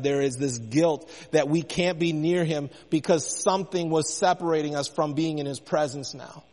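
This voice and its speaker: Male preacher, fairly high voice, impassioned sermon, long church reverb. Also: moderate pace, few pauses, darkish tone. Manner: impassioned, rising and falling in intensity.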